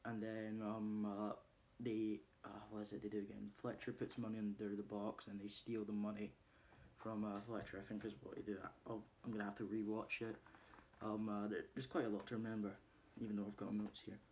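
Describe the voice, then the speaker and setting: A man's voice: fairly low pitch, monotone, fairly quick, a little mellow, a little hiss or hum. A man casually recapping a film's plot in a rambling way, with many ums and uhs. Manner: rambling, many ums and uhs, laughs while retelling scenes. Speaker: movie reviewer.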